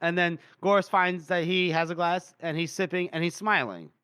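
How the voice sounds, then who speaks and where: High-voiced man retelling scenes with gusto. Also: fairly even intonation, normal speed, pushed and bright, clean tone, dry recording, clean studio sound. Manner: acts out characters' lines with laughter. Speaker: podcast co-host. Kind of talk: casual book-discussion chat.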